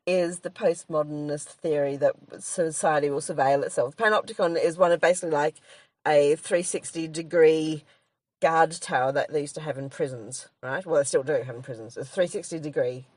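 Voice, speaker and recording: Australian woman, low voice, dry close sound, rambling chat, laughs a lot. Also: normal speed, a little mellow, no room sound. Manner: rambling, laughs often, trails off and restarts. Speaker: podcast co-host, comedian. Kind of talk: casual chat.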